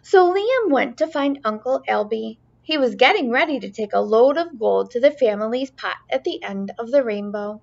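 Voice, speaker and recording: Brief: bright-voiced woman teacher doing a lively storybook read-aloud, a bit gravelly, on a dull recording. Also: on the high side, normal speed, few pauses. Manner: expressive, sing-song.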